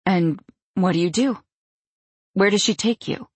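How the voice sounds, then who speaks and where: A woman voicing a stern, protective middle-aged mother who speaks in a brisk, clipped, firm way. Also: medium pitch, darkish tone, breathy edge, no room sound, pitched above the performer's own voice.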